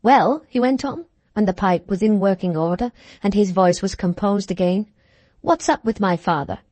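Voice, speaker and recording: A blunt, hot-tempered young athletic gentleman, as a woman reader puts him on, barking short demands in a raised, clipped voice. The recording is dry and close, with no room sound. He speaks from a storybook reading. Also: mid-range voice, moderate pace, no echo, close to an everyday voice. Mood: relieved. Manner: brusque and explosive.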